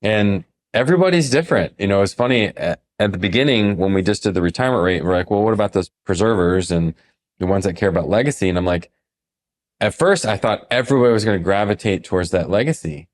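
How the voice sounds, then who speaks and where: A man's voice: lowish voice, fast. A man who works as a financial advisor, telling stories on a podcast and acting out what clients said. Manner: animated storyteller, acts out quoted clients. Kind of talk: casual podcast storytelling.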